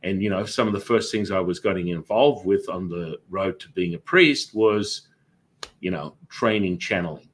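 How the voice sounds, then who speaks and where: Man, deep voice, husky, animated storyteller, interview guest, Taoist priest. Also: normal speed. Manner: animated, acts out remembered dialogue.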